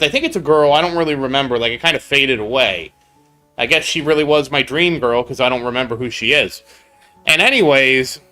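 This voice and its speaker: A gaming streamer tells a long, rambling story during casual live-stream chat, pausing now and then to answer viewers mid-story. His bright voice sits a little high for a man, and soft music plays behind him.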